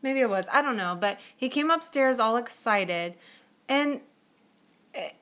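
A woman's voice: on the high side, expressive, a little slow, a bit bright. A woman co-hosting a podcast, telling a story in a chatty way, with lots of fillers and giggles. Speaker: podcast co-host. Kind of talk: casual storytelling chat.

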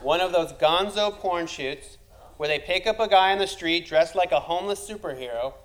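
A man's voice: sits high, moderate pace, a little hiss or hum, poor audio. A man telling a comic personal story, wry and self-deprecating, building to punchlines.

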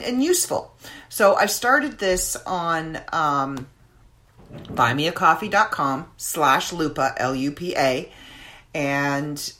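Chatty low-voiced woman podcaster. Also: a bit bright. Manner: chatty, rambling, with many fillers. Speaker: podcast host. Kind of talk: casual chat.

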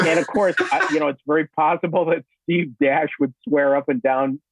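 A man's voice: on the high side, steady tone, moderate pace, husky, dry recording. A man, an actor guest, chatting casually in an interview, rambling with many fillers and restarts. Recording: tinny phone-like line, dry.

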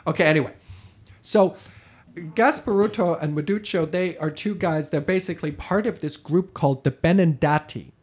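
A man co-hosting a podcast, telling a history story in a chatty, animated way with frequent restarts. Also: a little high, normal speed. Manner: animated, chatty, self-correcting. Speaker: podcast co-host. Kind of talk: casual conversational storytelling.

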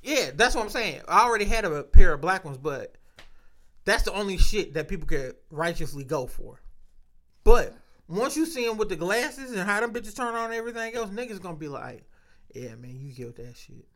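A man's voice: high voice, animated, a little fast, pushed and bright. A man in casual chat, telling loose, profane stories full of slang.

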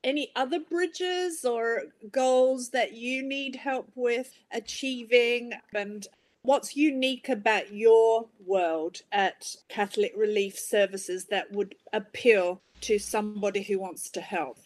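A woman's voice: fairly high pitch, slow pace. A woman hosting an interview, asking conversational questions and encouraging her guest.

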